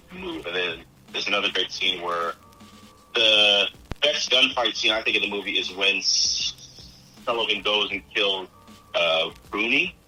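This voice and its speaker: A man co-hosting a podcast, chatting casually about a film in a rambling, halting way and acting out movie lines. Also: low-pitched, bright, forceful tone, poor audio. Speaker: podcast co-host.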